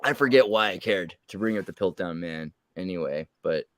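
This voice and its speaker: A man's voice: low voice, animated, moderate pace. A man telling rambling, jokey stories in casual chat, putting on mock voices for the people he quotes.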